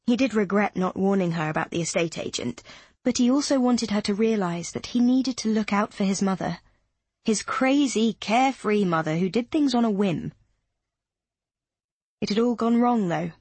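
A woman reading an audiobook in measured, steady narration, with a slightly husky voice. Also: medium pitch, no room sound. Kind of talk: scripted narration.

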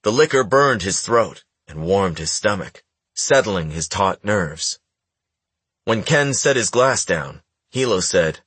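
Low, husky man for audiobook narration, dry booth, measured delivery. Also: no room sound. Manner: measured, even storytelling. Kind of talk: scripted narration.

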